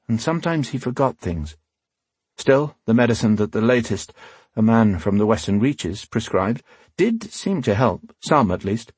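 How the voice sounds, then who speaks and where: A man narrating a fantasy novel in a measured, steady storytelling voice. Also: on the low side, slightly rough, no echo. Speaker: audiobook narrator.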